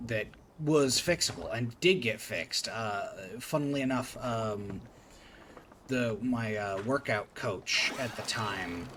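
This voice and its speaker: A man's voice: fairly low pitch, takes it slowly, fairly bright tone. Male streamer, faint country twang, meandering chatty delivery, noisy background. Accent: faint rural Appalachian. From Appalachia, USA. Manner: rambling storytelling with many fillers. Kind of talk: casual chat while gaming.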